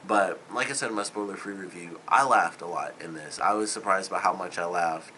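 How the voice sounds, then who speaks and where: Male reviewer, lowish voice, forceful bright edge, loose rambling delivery. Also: fairly quick, a little hiss or hum, poor audio. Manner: rambling, loose, full of "like" and "you know". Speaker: movie reviewer. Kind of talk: casual spoken film review.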